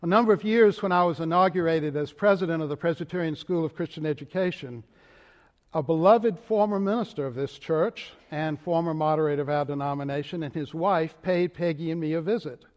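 A man's voice: a little high, brisk. Older Southern man preaching in a reverberant church. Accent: Southern US, Richmond Virginia. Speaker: moderator of denomination preaching. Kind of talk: sermon. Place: large church sanctuary.

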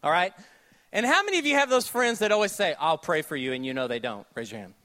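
A man preaching a sermon with a Southern US accent, joking with the congregation, then dropping to a hushed, slow delivery. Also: on the high side. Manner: animated, jokey asides, shifts between loud and hushed delivery. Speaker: pastor.

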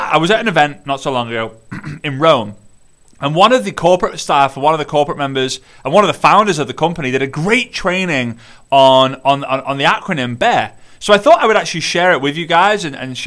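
A man from the United Kingdom delivers a rallying motivational talk, speaking straight to his listeners and circling back on phrases for emphasis. His voice is bright and forceful, sitting a little high for a man. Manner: energetic, repetitive, rallying, direct address to listeners. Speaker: network marketing business coach. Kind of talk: motivational monologue.

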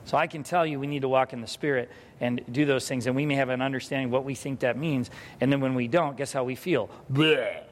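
A man preaching a sermon as pastor, telling a parenting story and acting out the scenes with lively energy. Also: mid-range voice, fast talker, hardly any pauses. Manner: animated storytelling, acts out scenes. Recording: hall reverb.

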